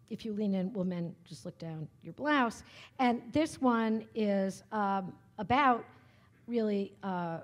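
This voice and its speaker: A woman's voice: medium pitch, a little mellow. A woman humorist giving a conversational, story-filled lecture to a live audience, often tagging her points with asides. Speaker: humorist giving a public talk. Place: lecture hall at a writers' workshop.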